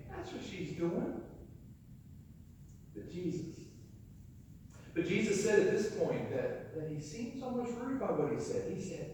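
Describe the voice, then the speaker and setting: High-voiced pastor in an echoey hall. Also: male voice, sing-song, normal speed, a little mellow, a little hiss or hum. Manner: folksy storytelling, acting out voices. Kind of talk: sermon. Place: church sanctuary. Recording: echoey church hall, mic far off.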